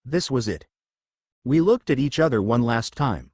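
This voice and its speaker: A man reading a fan fiction story, his pitch rising and falling a lot. The sound is dry and close, with no room around it. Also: animated, normal speed, slightly rough, dry recording. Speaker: story reader.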